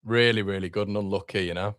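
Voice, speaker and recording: A man's voice: fairly low pitch, steady tone, fast talker, fairly bright tone, no room sound, clean studio sound. A young man hosting a live fan watchalong, reacting with frustration and swearing as he talks to his chat.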